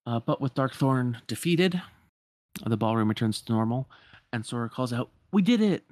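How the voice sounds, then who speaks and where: A man's voice: mid-range voice, moderate pace, darkish tone, dry recording, studio quality. A man casually retelling a video game's story with many fillers, acting out the characters' lines. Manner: rambling with fillers, acts out the dialogue.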